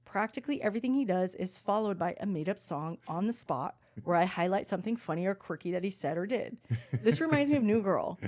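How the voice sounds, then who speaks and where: Animated swearing woman telling stories. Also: mid-range voice, quick pace. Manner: animated, swears a lot, acts out quotes. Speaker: podcast co-host. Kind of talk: casual storytelling chat.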